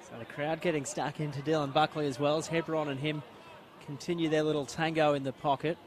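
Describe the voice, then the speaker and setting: A man with an Australian accent calling live football play-by-play, quick and rising to shouts at big plays. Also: on the high side, steady tone, a crowd in the background. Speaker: play-by-play commentator. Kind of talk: live sports commentary.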